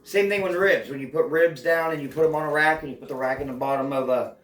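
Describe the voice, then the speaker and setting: A man's voice: a little high, quick pace, faint music behind. A man hosting a casual cooking demonstration at home, chatty and playful. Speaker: cooking show host. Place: home kitchen. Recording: echoey home kitchen.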